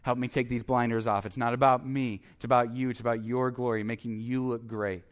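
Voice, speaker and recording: A man's voice: medium pitch, flat delivery, a little fast. A man preaching a sermon as the pastor, earnest and emphatic, repeating his exhortations.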